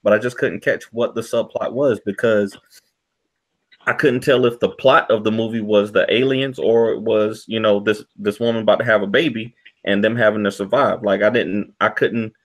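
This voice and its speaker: A man's voice: lowish voice, fairly even intonation, normal speed. A man giving a casual movie review, rambling with lots of "you know" fillers. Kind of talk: casual podcast review chat.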